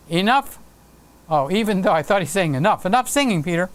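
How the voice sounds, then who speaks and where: A man's voice: high-pitched, animated, fairly quick. A man hosting a live stream, chatting casually and playfully with viewers and reading out their comments. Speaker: livestream host.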